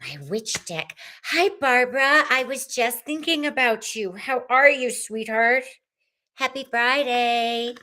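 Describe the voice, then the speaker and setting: A woman's voice: on the high side, slow pace, pushed and bright. A woman hosting a live tarot reading stream, chatting casually and effusively with viewers as she pulls cards.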